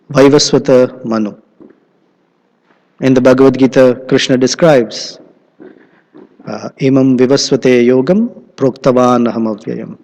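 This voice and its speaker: A man giving an animated storytelling sermon in a temple hall. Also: medium pitch. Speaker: temple speaker. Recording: long hall reverb.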